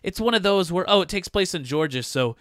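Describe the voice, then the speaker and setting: A man's voice: high-pitched, animated, fairly quick, a bit bright, no room sound, clean studio sound. Profane ranting male podcast co-host. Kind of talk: casual movie trailer chat.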